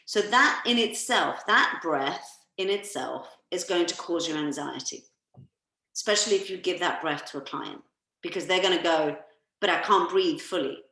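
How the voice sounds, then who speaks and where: Woman therapist, slightly low voice, patient explainer leading breathwork; echoey video-call room. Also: moderate pace. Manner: calm, explanatory, coaching listeners through breaths. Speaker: massage therapist leading a workshop. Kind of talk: guided breathing instruction.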